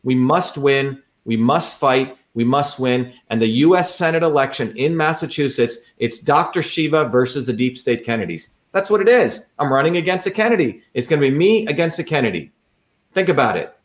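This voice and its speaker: A man's voice: mid-range voice, expressive, moderate pace. A man who is a political candidate, giving a combative, repetitive campaign talk over a livestream.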